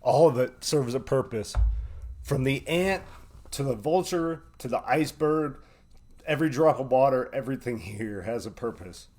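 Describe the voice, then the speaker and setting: This live-stream host has a medium-pitched, darkish voice and speaks animatedly at a normal speed. Impassioned and preachy, he curses freely, keeps tossing in "right?", and sounds heartfelt.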